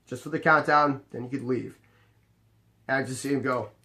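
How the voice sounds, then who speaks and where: At normal speed and with a mid-range voice, a young man casually relates something that happened on his job as a bar bouncer. He's exasperated and animated, playing out each side of the exchange.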